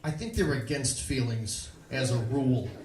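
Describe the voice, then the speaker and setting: A man doing a stand-up set on a club stage, telling stories in a deadpan, self-mocking way. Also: mid-range voice, moderate pace. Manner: deadpan self-mocking storyteller, jumps into put-on voices. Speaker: stand-up comedian. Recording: echoey club with crowd noise.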